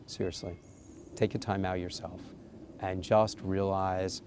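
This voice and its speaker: A man's voice: low-pitched, little pitch movement, unhurried, a little mellow, a little hiss or hum. A man giving an earnest, coaching talk to parents, stressing key points with emphasis. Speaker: parenting educator. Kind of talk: instructional talk to camera.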